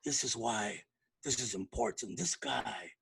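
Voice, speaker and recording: A solemn actor's introduction, as a man puts it on, pitched far below his usual voice and dropped to a hush. The delivery is slow, weighty and deliberate, every phrase made to sound important. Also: gravelly, slightly rough, exaggerated voice. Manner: lowered, hushed dramatic tone. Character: grave, solemn male actor introducing a comedian.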